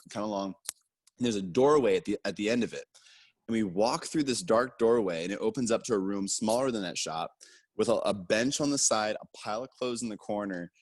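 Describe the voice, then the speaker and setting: Man, lowish voice, casual storyteller, lively quoted bits, dry room. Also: no room sound. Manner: animated, acts out quotes with raised pitch. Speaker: guest storyteller.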